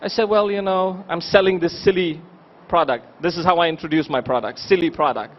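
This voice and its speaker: A man's voice: on the high side, fairly quick, highs cut off. A man speaking at a convention, telling stories and asking the audience rhetorical questions. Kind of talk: motivational speech with storytelling. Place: convention hall.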